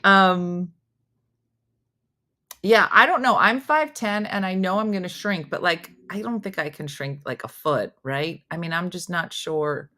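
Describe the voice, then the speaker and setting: A woman comedy host with a low voice that swings widely as she tells stories. She chats casually, laughs often and acts out little family exchanges. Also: expressive, unhurried, bright, forceful tone. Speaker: comedy morning show host. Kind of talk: casual live-show chat reading viewer comments.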